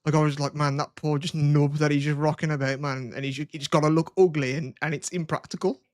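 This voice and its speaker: A man's voice: on the high side, little pitch movement, fast talker, no room sound, studio quality. Swearing man telling stories. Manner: rambling storytelling, swears a lot. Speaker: podcast host. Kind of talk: crude casual chat.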